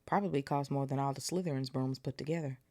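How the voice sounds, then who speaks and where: A woman voicing an excitable teenage boy wizard while reading a storybook aloud, eager and loud. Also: a bass voice, fast. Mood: excited.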